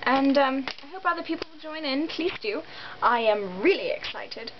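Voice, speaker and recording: A woman's voice: sits high, lively intonation, moderate pace. A young American woman vlogging in a rambling, giggly way, full of ums and likes. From United States. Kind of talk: casual chat to camera. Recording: dull lo-fi sound with faint noise.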